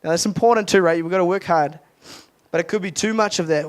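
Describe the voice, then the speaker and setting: A man's voice: sits high, fast talker. A young adult man, a youth pastor, giving a casual, earnest sermon at a retreat with lots of restarts and fillers.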